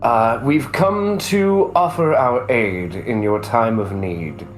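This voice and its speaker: A man's voice: medium pitch, expressive, takes it slowly, faint music behind. A man voicing a courteous, gallant male adventurer who speaks in grandly formal, polite phrases.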